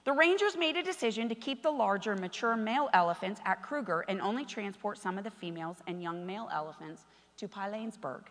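A woman preacher delivering an impassioned sermon in a church, swinging between hushed asides and shouted exhortation. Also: mid-range voice, expressive, a little fast, big-room sound.

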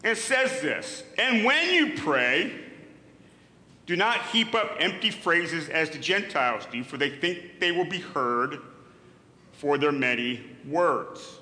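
A man's voice: on the high side, very animated, slow pace, bright, forceful tone. Earnest male pastor preaching in an echoey hall. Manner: earnest, emphatic, repeats words as he builds a point. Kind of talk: sermon. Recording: echoey hall with long reverb.

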